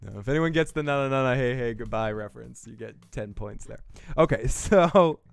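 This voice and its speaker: Man, Boston accent, podcast host, rambling and profane, smooth clear voice, faint music behind. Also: medium pitch, animated, fairly quick. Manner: profane, rambling, jokey riffing. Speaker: podcast host recapping a TV episode. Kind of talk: casual review chat.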